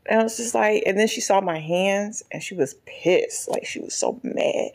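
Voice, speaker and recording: A young woman vlogger telling a storytime tale in animated, casual chat and acting out the people in it. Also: mid-range voice, normal speed, gravelly, few pauses. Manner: animated, acts out every quoted person.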